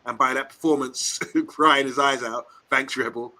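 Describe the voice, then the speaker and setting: A man, co-hosting a casual live stream, animated and laughing, with lots of tag questions. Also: mid-range voice, unhurried, rough recording. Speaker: co-host.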